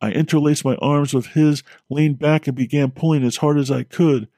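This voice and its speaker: A man telling a scripted horror story as a podcast host, steady and measured. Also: on the high side, no echo, studio quality.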